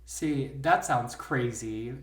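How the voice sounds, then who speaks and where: A woman co-hosting a podcast in casual chat, blunt and quick with swearing asides. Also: very deep voice, reverberant. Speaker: podcast co-host.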